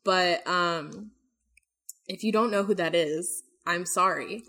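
A woman's voice: lowish voice, takes it slowly, sharp tone. A young woman co-hosting a podcast, chatting casually with lots of fillers and swearing. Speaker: podcast co-host. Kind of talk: casual chat.

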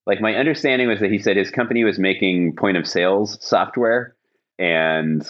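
A very low-pitched man spins a long, rambling story on a podcast, full of "um"s, "like"s and false starts. The sound is a little dull and lo-fi, and the mood stays casual and chatty. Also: normal speed. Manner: rambling anecdotal telling with many fillers and restarts. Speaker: podcast host.

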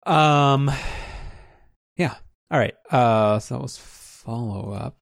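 Gravelly man rambling on a podcast. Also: mid-range voice, takes it slowly, no room sound, studio quality. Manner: chatty, rambling with many restarts and fillers. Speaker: podcast host. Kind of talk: casual chat.

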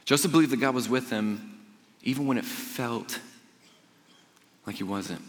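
A young man preaching a sermon, telling personal stories in a conversational way and swinging between quiet, intimate lines and loud, emphatic ones. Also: medium pitch, a little slow. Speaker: pastor. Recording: long reverb of a large hall.

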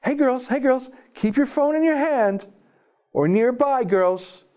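A man's voice: very high voice, expressive, unhurried, darkish tone, smooth, voice pushed up. A man voicing a patronizing official who gives safety tips to young women in a mocking, sing-song tone.

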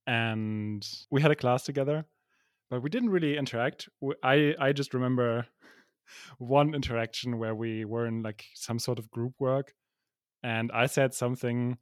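A man's voice: medium pitch, clear, resonant tone, dry recording. Man, podcast co-host at home, self-deprecating and easygoing, dry close mic. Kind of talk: casual chat. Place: alone in his apartment.

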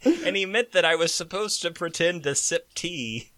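A man's voice: fairly high pitch, animated, normal speed, heavy background noise. A man co-hosting a casual podcast who tells jokey stories, laughs often, and reads scripture aloud. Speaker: podcast co-host. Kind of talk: casual chat and scripture reading.

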